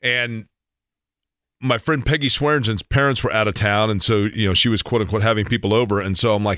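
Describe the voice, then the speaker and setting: A man, hosting a sports radio show and telling stories in a casual, animated way. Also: on the low side, fairly quick, no room sound, clean studio sound. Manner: storytelling, animated in quoted bits.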